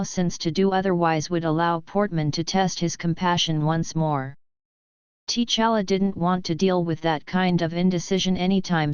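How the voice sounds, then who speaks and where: A woman reading an action story aloud in an even, measured way. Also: fairly low pitch, smooth, no echo, dull audio. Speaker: narrator. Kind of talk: storybook narration.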